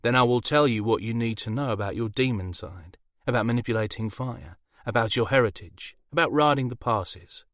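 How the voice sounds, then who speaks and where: A man's voice: medium pitch, fairly quick, hardly any pauses, fairly bright tone, no echo, studio quality, pitched above the performer's own voice, lightly acted. A man voicing a smug demon father. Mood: teasing. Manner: teasing, indulgent, sly. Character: smug charming male incubus demon father.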